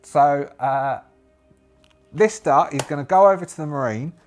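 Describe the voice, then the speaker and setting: A man's voice: fairly high pitch, a little slow, soft background music. A British man running a solo tabletop game, hesitant and thinking aloud with many fillers and restarts. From Britain.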